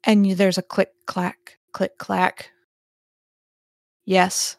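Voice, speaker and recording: Game master: woman, descriptive narration that restarts mid-sentence, dry close mic, medium pitch. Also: monotone, drawn-out words, creaky, no echo.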